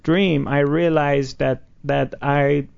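Gravelly, smooth-voiced man healer. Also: fairly high pitch, steady tone, a little mellow. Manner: slow, earnest, halting with many fillers. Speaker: spiritual healer guest. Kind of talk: interview answers. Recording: dull lo-fi recording.

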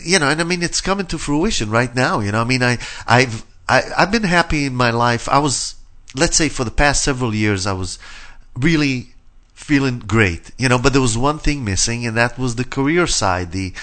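A man's voice: mid-range voice, lively intonation, moderate pace, fairly bright tone. A middle-aged man hosting a radio talk show, rambling with many verbal fillers. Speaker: radio host. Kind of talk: casual radio chat.

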